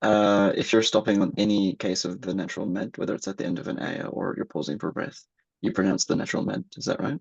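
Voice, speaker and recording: A man's voice: lowish voice, steady tone, quick pace, creaky, no echo, lo-fi sound. A man, a student in an online class, asking casual, hesitant questions to check his understanding.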